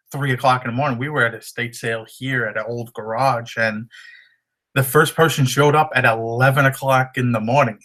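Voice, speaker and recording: A man with a slightly hoarse voice talks through resale tips in a loose, rambling way. He uses lots of fillers and casual asides. His pitch sits in an ordinary middle range. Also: fairly bright tone. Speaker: reseller giving tips. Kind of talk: casual how-to talk.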